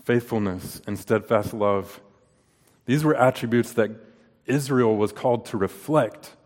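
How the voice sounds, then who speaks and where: A man's voice: medium pitch, a little slow, a little mellow. A man in his thirties preaching a sermon in an earnest way, asking rhetorical questions and telling personal stories. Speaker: pastor. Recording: long reverb of a large hall.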